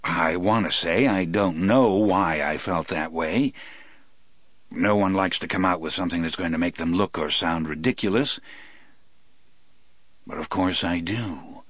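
Man, audiobook narrator, measured, reflective, lowish pitch, dry close recording. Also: fairly bright tone, no room sound.

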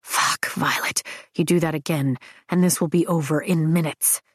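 A woman voicing a brooding young man, speaking low and slow in hushed tones in an audiobook. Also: steady tone, breathy edge, no room sound, clean studio sound. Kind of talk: audiobook dialogue.

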